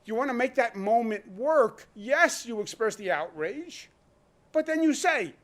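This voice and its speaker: A man's voice: high voice, big pitch swings, moderate pace. A man, a state governor giving an emphatic press conference speech full of rhetorical questions. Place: press room.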